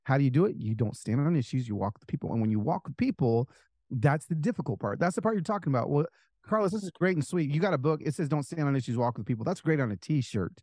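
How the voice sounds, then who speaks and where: A man telling stories in a casual interview as an author guest, animated and full of fillers, acting out the people he quotes. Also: mid-range voice, quick pace, dry recording, studio quality. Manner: animated, acts out quoted voices, many fillers.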